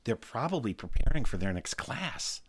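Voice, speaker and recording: A man's voice: mid-range voice, big pitch swings, normal speed, slightly rough. A man voicing a prim, bossy second-grade girl who worries about breaking the rules. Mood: bossy worried. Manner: prim, rule-bound.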